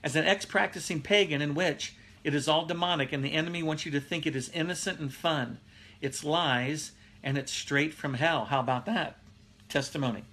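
Middle-aged male pastor, slightly high and bright voice, loose conversational preaching that keeps breaking into chuckles. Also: slightly rough. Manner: laughs often, reads viewer comments aloud. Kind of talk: casual live-streamed Bible teaching.

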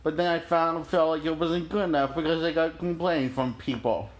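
A young man recording a casual video message in a soft, childlike voice, with halting restarts and repeated words. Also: fairly high pitch. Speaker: vlogger.

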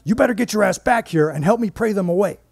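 A man's voice: sing-song, fairly quick, creaky, darkish tone, dry recording. A man doing a screeching, foul-mouthed woman coworker. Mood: panicked. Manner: profane, shrill, screeching.

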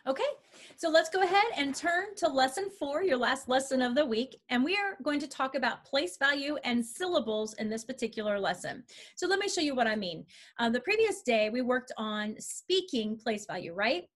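A middle-aged woman with a fairly high voice explains math lessons to parents. She speaks clearly and encouragingly, walking through each step as she shows things on an abacus. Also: lively intonation, normal speed. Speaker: math curriculum instructor. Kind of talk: instructional walkthrough for parents.

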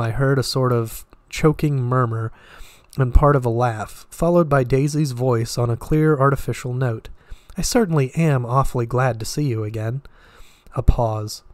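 A man reading a novel aloud at a steady pace, now and then stumbling and restarting words. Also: medium pitch, no room sound. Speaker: audiobook reader.

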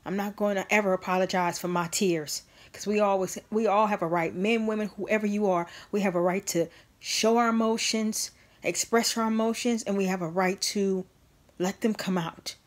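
A woman's voice: mid-range voice, fairly even intonation, normal speed. Woman vlogger, mid-range voice, earnest and emphatic personal storytelling to camera. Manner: earnest, emphatic, talks straight to viewers.

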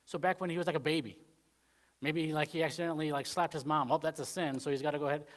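A man preaching a Wednesday sermon in church in a rambling, conversational way, full of "you know" fillers, swinging between emphatic points and quiet asides. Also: fairly high pitch, fairly even intonation, quick pace. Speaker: pastor.

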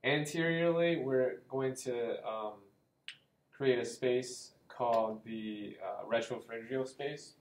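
A man's voice: mid-range voice, takes it slowly, a little hiss or hum, poor audio. A man giving an anatomy lesson, explaining as he draws, with frequent ums and small self-corrections. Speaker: anatomy lecturer. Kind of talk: drawing-board anatomy lesson.

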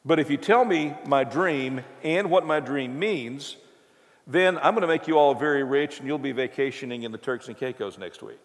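A man's voice: medium pitch, normal speed, natural voice. Grumpy sleepless king put on by a preacher, paranoid, blustering, threatening, long church-hall reverb.

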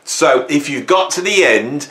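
A middle-aged man hosting a music channel, ranting at his viewers in a theatrical, self-mocking way, swinging from hushed asides to loud bursts. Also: on the high side, expressive, a little slow. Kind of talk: casual mock-rant to camera. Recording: echoey room.

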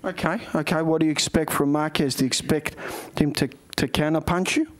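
A man hosting a boxing show, asking questions in an energetic, loud way. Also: a little high, fairly quick. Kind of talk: interview.

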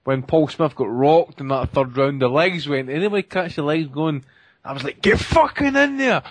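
A mid-pitched man hosting a casual podcast chat. He is blunt, profane and excitable. His voice sounds dry and close to the mic. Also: moderate pace, no room sound. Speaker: podcast host.

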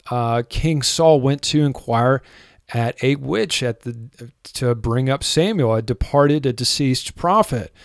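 A man teaching from the Bible in an earnest way, reading scripture aloud with pauses and fillers. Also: medium pitch, no room sound, studio quality.

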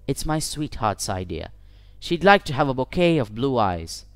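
A man voicing a slight village robber with a machete, who speaks in a soft, calm, polite way that carries quiet menace, in a storybook reading. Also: mid-range voice, normal speed, clear, resonant tone, dry recording. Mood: eerily gentle.

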